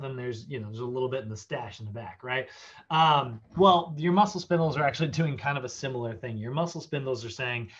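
A man giving a casual fitness class lecture, chatty and animated, acting out body parts in silly voices. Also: mid-range voice, normal speed, highs cut off. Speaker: fitness instructor.

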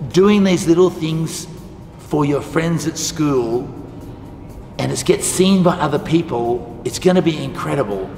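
Man, teacher, animated storytelling, fairly high voice, echoey hall, faint music behind. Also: creaky. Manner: animated, acts out quoted dialogue. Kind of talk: storytelling lesson for school students.

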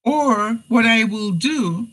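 A woman's voice: fairly high pitch, animated, takes it slowly, fairly bright tone, low-quality recording. A woman vlogger talking casually to camera with advice, telling stories chattily, acting out phone calls and laughing between points. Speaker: vlogger giving life advice. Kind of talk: casual direct-to-camera chat.

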